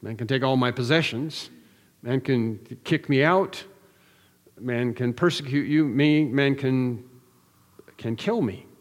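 A man's voice: mid-range voice, slow, long pauses, big-room sound. A man preaching an expository sermon, earnest and emphatic, building through repeated phrases with frequent restarts. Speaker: pastor.

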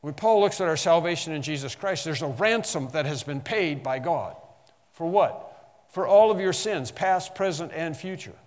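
A man preaching an expository sermon, emphatic, slowing on key phrases and rising in bursts. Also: fairly high pitch, expressive, long reverb tail. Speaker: pastor.

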